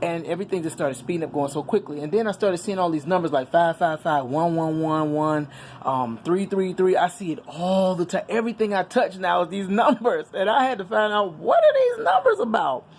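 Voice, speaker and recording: A woman's voice: on the low side, fairly quick, darkish tone, a little hiss or hum. A middle-aged woman talking candidly and earnestly to her viewers in a casual personal vlog, preaching a little as she goes. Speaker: vlogger. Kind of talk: casual personal vlog on faith and current events.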